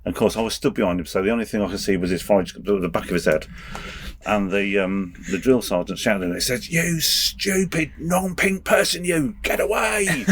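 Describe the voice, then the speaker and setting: Middle-aged guy, really low voice, halting story, keeps restarting. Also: fairly even intonation, a little mellow, a little hiss or hum. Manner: halting, with frequent restarts and chuckles. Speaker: guest, race official and former soldier. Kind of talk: anecdotal storytelling.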